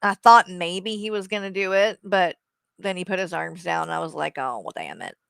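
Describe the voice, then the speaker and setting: A woman's voice: medium pitch, flat delivery, normal speed, creaky, a bit bright, clean tone, no echo. A woman, chatting casually as co-host of a stream, cooing over her dog and swearing freely. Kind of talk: casual chat on a livestream.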